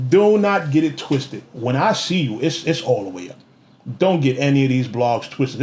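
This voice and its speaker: A man's voice: on the high side, darkish tone. A young man, ranting at someone to the camera in a vlog, mocking and confrontational, repeating lines for emphasis. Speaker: vlogger. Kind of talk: heated rant to the camera.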